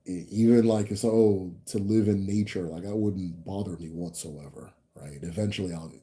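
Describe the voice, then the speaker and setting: A man hosting a livestream, answering viewer chat in a rambling, animated way with lots of fillers. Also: low voice, moderate pace. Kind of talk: casual live chat.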